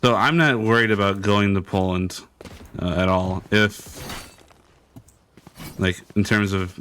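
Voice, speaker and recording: A man's voice: on the low side, steady tone, takes it slowly, fairly bright tone, slight background noise. A young man streamer chatting casually while he plays, rambling and hesitant with lots of fillers. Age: young adult. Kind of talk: casual chat while gaming.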